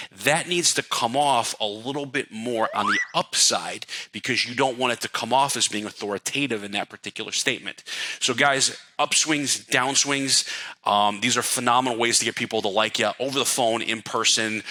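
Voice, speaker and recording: A middle-aged man coaching real estate agents in a casual talk, animated and checking that listeners follow along. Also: mid-range voice, normal speed, low-quality recording. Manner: animated, demonstrates voice upswings and downswings, asks the audience to follow.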